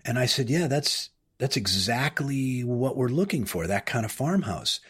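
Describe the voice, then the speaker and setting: Husky man telling rambling anecdotes. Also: medium pitch, big pitch swings, unhurried, a bit bright. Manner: rambling, self-interrupting anecdotes. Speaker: film director, guest. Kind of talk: casual storytelling interview.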